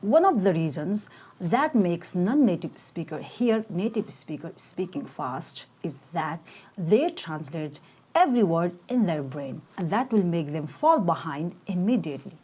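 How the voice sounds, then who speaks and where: Husky woman teaching English pronunciation. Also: lowish voice, a little mellow. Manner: slow, deliberate pronunciation drills. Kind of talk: scripted English lesson narration.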